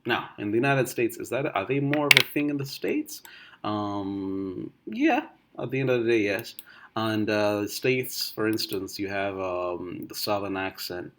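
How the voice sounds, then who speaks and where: A man from Uganda, thinking aloud in a casual monologue, full of restarts and fillers, swinging between loud bursts and quiet asides. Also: fairly low pitch, lively intonation, unhurried, a little hiss or hum. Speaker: vlogger.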